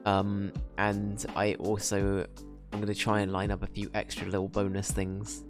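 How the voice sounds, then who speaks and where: A man's voice: fairly low pitch, completely flat delivery, moderate pace. A man streaming a game, chatting casually to his viewers, rambling and laughing at his own slips as he corrects himself. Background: background music.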